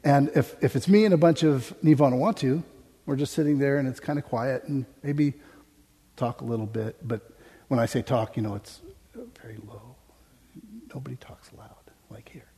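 A man's voice: medium pitch, normal speed, mellow, husky. An American man preaching a sermon from a stage microphone, telling funny stories and laughing often. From United States. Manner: humorous, anecdotal, laughs often. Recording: reverberant hall.

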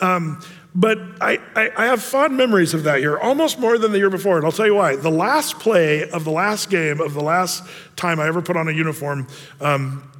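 A middle-aged man leads a men's Bible study in a loose, joking, rambling way, full of ums and restarts. His voice sits a little high for a man, and a long reverb trails behind it in the hall. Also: a bit bright. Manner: folksy and rambling, many fillers and restarts, humorous asides. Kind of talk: conversational Bible teaching with personal stories.

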